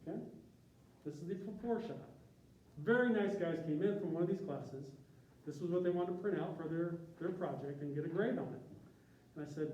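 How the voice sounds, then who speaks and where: A Chicago man who works as a university graphic artist gives an informal talk to a class, self-deprecating and joking, chatting with tangents. His voice is fairly high-pitched with a darkish tone at normal speed, recorded from a distance in an echoey room with the highs cut off and a little hiss or hum.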